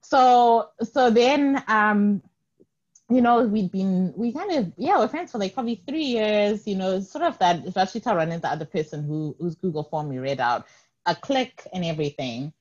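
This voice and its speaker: A woman's voice: medium pitch, animated, moderate pace, darkish tone. Giggly rambling woman on lo-fi radio. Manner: giggly, rambling, self-interrupting. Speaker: radio co-host. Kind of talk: casual radio chat reading listener messages.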